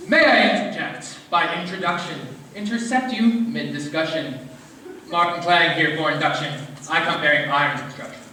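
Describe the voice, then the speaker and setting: A man acting out a pompous lawyer who speaks in theatrical rhymes. His voice is bright and sharp. He is heard from far away in a very echoey hall. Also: on the high side, moderate pace, slight background noise. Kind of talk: amateur stage musical acting.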